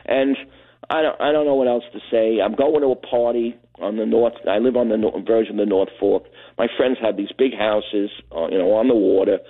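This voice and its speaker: An older man from Brooklyn, calling in to a radio show and telling a rambling, animated story. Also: lowish voice, moderate pace. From Brooklyn, New York. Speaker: caller. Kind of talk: phone-in storytelling. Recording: tinny phone line.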